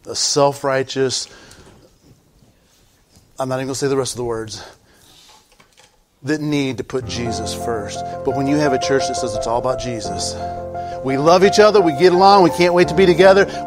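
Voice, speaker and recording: High-voiced preacher, shouting and hushed. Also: male voice, fairly even intonation, normal speed, music in the background. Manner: preachy, swings from hushed pleading to loud shouting. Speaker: pastor. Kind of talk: sermon.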